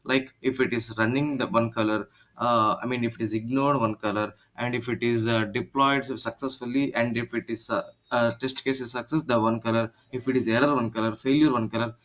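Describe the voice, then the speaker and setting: A man teaching an online class, talking haltingly with many fillers and restarts over a video call. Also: medium pitch, fairly even intonation, fairly bright tone. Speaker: instructor. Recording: dull lo-fi call audio.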